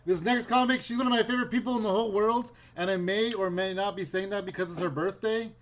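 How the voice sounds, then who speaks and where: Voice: mid-range voice, fast talker. An open mic host introducing the next comic in an upbeat, hyping way over a video call.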